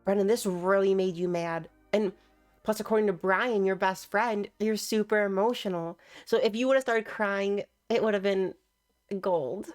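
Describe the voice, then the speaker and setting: A young woman talking over clips in a loose, joking way, with a voice of ordinary pitch. She teases and mocks what she watches and laughs often. Faint music plays behind her. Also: measured pace. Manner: teasing, sarcastic, laughs often. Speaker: commentator reacting to clips. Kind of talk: casual reaction commentary.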